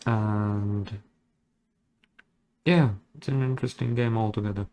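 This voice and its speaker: A man's voice: fairly low pitch, fairly even intonation, a little slow, mellow. A man chatting casually as he draws digitally, rambling along with jokes and self-deprecating asides. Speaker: digital artist. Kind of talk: casual commentary while drawing.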